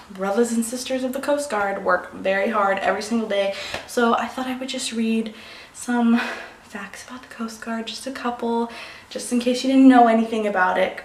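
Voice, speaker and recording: Rambling young woman vlogging in an echoey room. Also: medium pitch. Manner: rambling, scattered, emotional. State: pregnant. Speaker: beauty vlogger. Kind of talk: casual vlog chat. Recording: echoey room, faint noise.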